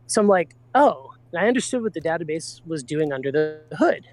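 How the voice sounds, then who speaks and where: A man in casual chat, telling a long anecdote with lively acted-out quotes. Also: fairly high pitch, brisk. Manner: animated anecdote teller, acts out quotes.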